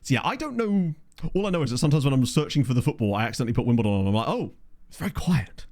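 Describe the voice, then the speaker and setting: A man's voice: mid-range voice, expressive, rapid-fire, a little mellow. A man hosting a casual let's play, chatting and musing aloud as he plays and reads the live chat, on a USB condenser mic. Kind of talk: casual gameplay commentary.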